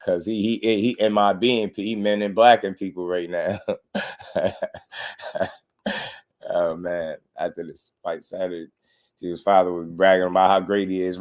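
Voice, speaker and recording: A young man hosting a casual boxing livestream, animated and slangy, laughing often and mimicking people. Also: low-pitched, measured pace, long pauses. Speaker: boxing commentary host.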